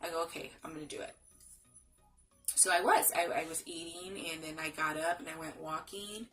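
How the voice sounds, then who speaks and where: A young woman talks straight to the camera in a casual storytelling vlog, her voice sitting a little low. She keeps it chatty and retells scenes by slipping into the lines people said to her. Soft music runs quietly underneath. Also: steady tone, normal speed, distant mic, poor audio. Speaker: vlogger.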